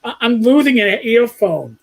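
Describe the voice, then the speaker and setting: A man's voice: very high-pitched, expressive, moderate pace, vocal fry, low-quality recording. A man from New York with a New York accent, co-hosting a casual live-stream chat and reading out comments. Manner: chatty, trailing off and restarting, reading out comments. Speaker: co-host.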